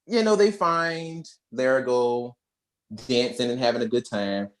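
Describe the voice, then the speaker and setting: A young adult woman co-hosting a podcast, casually retelling a movie plot in slangy, animated storytelling. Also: very deep voice, measured pace. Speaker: podcast co-host. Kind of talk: casual movie recap chat.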